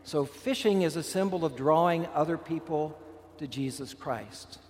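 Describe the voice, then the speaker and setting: A man giving a homily in a church, his voice a little higher than most men's. He explains the readings in an earnest teaching way and sometimes restarts a phrase. A long reverb trails after each line. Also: moderate pace, a little mellow. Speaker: Catholic priest. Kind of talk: sermon.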